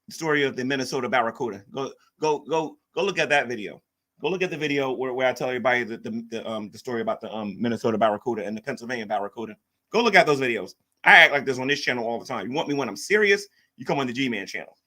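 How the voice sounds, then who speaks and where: Lively, bright-voiced man rambling on stream. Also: mid-range voice, quick pace. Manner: rambling, repeats himself, reacts to chat. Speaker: livestream host. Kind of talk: casual livestream chat.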